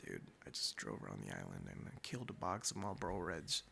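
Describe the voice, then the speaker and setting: Gravelly, swearing young man telling a story. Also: rumbling low, very animated, fast talker, sharp tone, faint music behind. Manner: blunt, heavy swearing, says "dude" often. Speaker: podcast host. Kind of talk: casual storytelling monologue.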